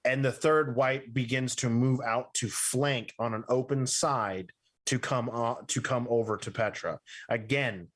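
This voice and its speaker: Man, game master, slow measured narration, mid-pitched voice. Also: a bit bright. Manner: slow, deliberate descriptive narration.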